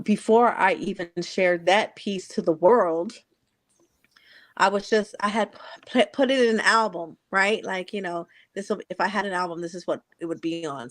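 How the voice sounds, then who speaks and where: A woman's voice: medium pitch, fairly bright tone, no room sound. A woman in her forties hosting a talk, telling a personal story in an earnest, reflective way with many restarts. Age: 40s. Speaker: host. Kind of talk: heartfelt conversational storytelling.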